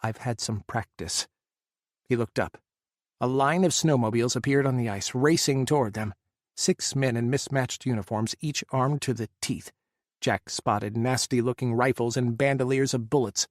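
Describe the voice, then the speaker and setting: Guy narrating an audiobook, steady measured read, super dry close mic. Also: mid-range voice, no echo. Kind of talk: scripted narration.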